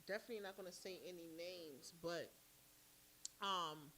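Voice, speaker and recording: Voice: medium pitch, moderate pace, sharp tone, a little hiss or hum. A podcast host in a studio giving a casual monologue. The host stresses points by repeating phrases and often adds tag questions and fillers. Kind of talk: casual talk-show monologue.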